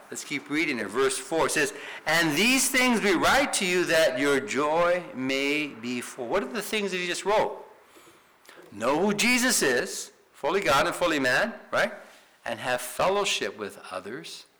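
A man preaching in an emphatic teaching style, his voice bright and forceful at a middling pitch. He keeps asking the room questions and checking in with quick "right?" tags as he works through scripture. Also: low-quality recording. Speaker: pastor teaching a Bible study. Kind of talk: sermon-style Bible teaching.

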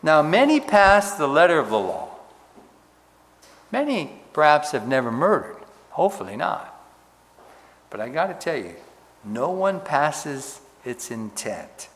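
A man preaching a sermon as pastor, stressing words and dropping to a hush on key points. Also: a little high, very animated, measured pace, long pauses, long reverb tail.

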